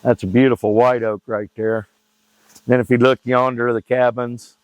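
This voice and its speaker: A man's voice: mid-range voice, flat delivery, normal speed, a little mellow, no room sound, rough recording. A middle-aged man talking casually outdoors in the woods, folksy and joking, rambling between stories about his hunting club. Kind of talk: casual outdoor vlog talk.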